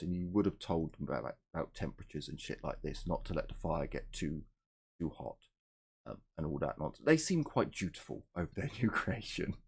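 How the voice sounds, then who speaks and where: A man running a tabletop game as game master, narrating in a relaxed, rambling way and swearing casually. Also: deep voice, slightly rough.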